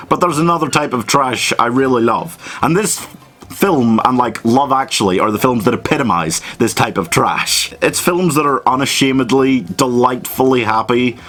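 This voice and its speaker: A man's voice: medium pitch, fairly bright tone. A man giving a casual, comedic film review, sweary, self-mocking and enthusiastic.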